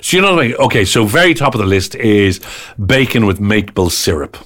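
A man with an Irish accent hosting a casual radio chat show, lively and rambling. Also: lowish voice, brisk. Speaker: radio host.

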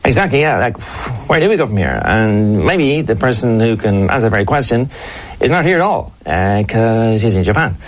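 A man hosting a sports radio show in a comedy sketch, talking hesitantly, with many fillers and pauses. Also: fairly low pitch, sing-song, slight background noise.

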